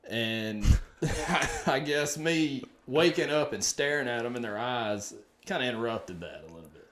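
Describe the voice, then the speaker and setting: A man's voice: mid-range voice, lively intonation, unhurried, fairly bright tone. A man, co-hosting a comedy podcast in a laid-back, dry way with some stammering. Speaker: podcast co-host. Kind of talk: casual chat.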